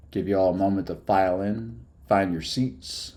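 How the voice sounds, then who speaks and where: A man's voice: low-pitched, steady tone, normal speed, warm tone. A man chatting casually on a live stream, hyper and rambling from topic to topic after no sleep. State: sleep-deprived.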